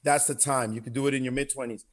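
A man's voice: medium pitch, steady tone, fast. A man from New York, a guest on a podcast, speaking in a plain, reflective way. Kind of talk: casual interview talk.

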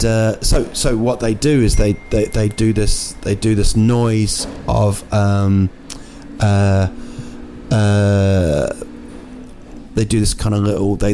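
Late at night in a city apartment, a man hosts a loose solo podcast, rambling and cracking jokes with plenty of fillers and false starts. His voice sits on the low side with a warm quality, and there's a slight background noise.

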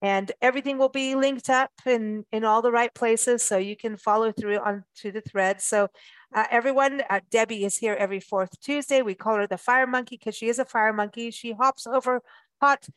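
A woman's voice: a little high, normal speed, no echo. A woman from Africa, hosting a travel radio show in casual chat, chatty and playful with frequent laughs. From South Africa.

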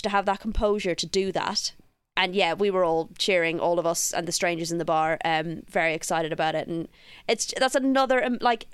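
Smooth-voiced woman chatting football, dry sound. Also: medium pitch, dry recording. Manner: laughs often, animated retelling. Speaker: podcast co-host. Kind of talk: casual football chat.

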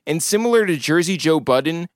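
Measured male documentary narrator. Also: fairly high pitch, animated, dry recording. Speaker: podcast host and narrator. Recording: dry studio voice-over over music.

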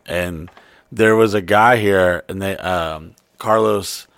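A man's voice: sits low, takes it slowly, gravelly, no room sound. A man co-hosting a casual podcast chat, telling stories with lots of swearing and putting on voices for the people in them. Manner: profane, animated storytelling with put-on voices. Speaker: podcast co-host.

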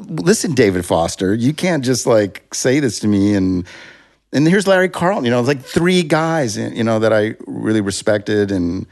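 A man's voice: fairly low pitch, big pitch swings, moderate pace, creaky, a little mellow. A man, a music producer, telling a long story in a casual interview, rambling and restarting, acting out what people said. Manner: rambling, self-interrupting, acts out quotes.

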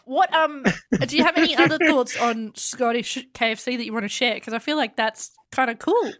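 A woman's voice: high-pitched, fairly quick, a bit bright. A woman with a bad cold, co-hosting a casual podcast with playful teasing. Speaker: podcast co-host.

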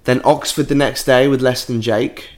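Man, podcast co-host, chatty storyteller who slips into impressions, mid-pitched voice. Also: normal speed. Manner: animated storyteller, jumps into high-pitched impressions of people. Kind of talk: casual podcast chat.

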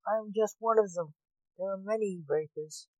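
A woman's voice: mid-range voice, normal speed, mellow, dry recording, natural voice, rough recording. A woman voicing a weary male king of death who answers with dry, exasperated sarcasm.

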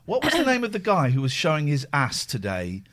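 A man's voice: on the high side, huge pitch swings, fairly quick, a bit bright. A man hosting a live show in casual chat, with a jokey, rambling manner. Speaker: show host.

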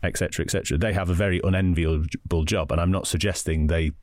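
A man in his thirties, a football journalist chatting on a podcast in a quick, self-interrupting way. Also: low-pitched, steady tone, a little mellow, dry recording, studio quality. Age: 30s. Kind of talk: casual podcast debate.

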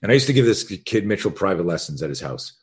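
A self-defense coach, a man, telling a story as a podcast guest, frank and animated, acting out the dialogue as he goes. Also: low-pitched, fast talker. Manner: animated, re-enacts dialogue in vivid bursts; frank and profane.

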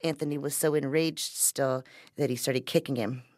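A woman narrating a true-crime story in a measured, conversational way. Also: very deep voice, fairly even intonation, a little mellow, no room sound, clean studio sound. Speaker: podcast narrator.

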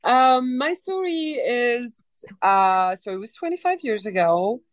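Animated woman with a light French accent. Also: on the high side, slow, no room sound, dull audio. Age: 40s. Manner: animated, rambling storyteller with many restarts. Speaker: actress guest. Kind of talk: casual podcast interview.

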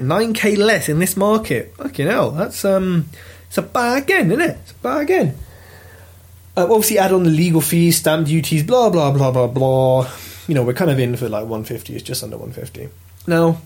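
A British man telling a property auction story in a lively, casual vlog, swearing freely as he goes. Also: on the high side. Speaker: property investor vlogger. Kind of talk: casual chat.

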